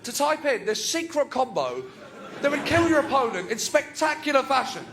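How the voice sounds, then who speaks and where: High-voiced comic telling stories on stage, roaring crowd, noisy room. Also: male voice, normal speed. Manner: animated storytelling with punchlines. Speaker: stand-up comedian. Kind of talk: stand-up comedy set. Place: comedy stage. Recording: live show with loud laughing crowd.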